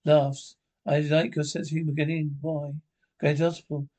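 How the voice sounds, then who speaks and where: A man's voice: a little high, flat delivery, normal speed, mellow. A man reading a TV script aloud, voicing every part plainly and adding stage notes. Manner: reads all parts plainly with stage notes. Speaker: narrator.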